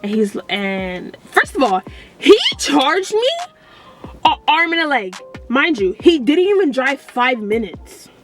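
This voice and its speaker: A young woman vlogger telling a story in a rambling, animated way with many fillers. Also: a little high, measured pace, soft background music. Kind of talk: storytime vlog.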